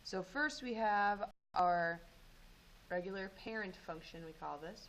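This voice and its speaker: A woman teaching math, going over homework and walking students through steps in a relaxed way with frequent ums. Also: medium pitch, unhurried, slight background noise, rough recording. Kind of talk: homework review and lesson.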